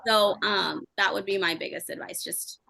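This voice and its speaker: A young woman sharing a candid, emotional story with her team in fast, chatty talk. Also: medium pitch, steady tone, gravelly, bright, forceful tone. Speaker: team member sharing advice. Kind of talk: candid motivational chat.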